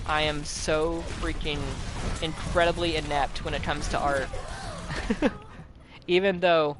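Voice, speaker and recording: A young man chatting casually while gaming, telling animated stories with a lot of swearing and acted-out quotes. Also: a little high, noisy background. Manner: animated storyteller, swears often, acts out quotes. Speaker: host. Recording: game music playing loudly behind.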